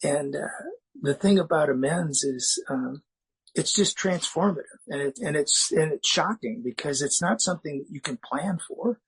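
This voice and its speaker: A man's voice: on the high side, expressive, normal speed, slightly rough, poor audio. A middle-aged man from the United States speaking as a recovery meeting speaker, in a candid, self-mocking personal talk with frequent restarts.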